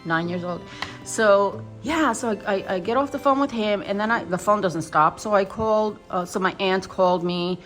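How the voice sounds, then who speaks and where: A woman tells a story on her vlog. She rambles and restarts often and sounds emotional throughout. Her voice sits at a middling pitch, with faint music playing behind it. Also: moderate pace. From New York. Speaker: doll vlogger.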